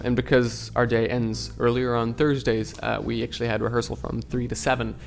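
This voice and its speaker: A young man from Seattle, an acting student, narrating his week in a chatty, upbeat vlog. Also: medium pitch. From Seattle, USA.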